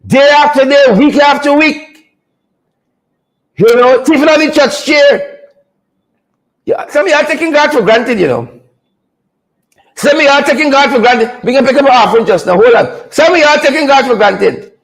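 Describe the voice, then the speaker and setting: A man hosting a comedic commentary segment, teasing in a preacher-like way with drawn-out punchlines. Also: extremely high pitch, poor audio. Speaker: show host.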